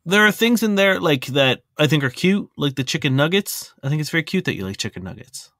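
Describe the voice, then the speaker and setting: A man's voice: a little high, big pitch swings, a little fast, a bit bright, dry recording. A man co-hosting a podcast in casual chat, talking emphatically and laughing easily. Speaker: podcast co-host.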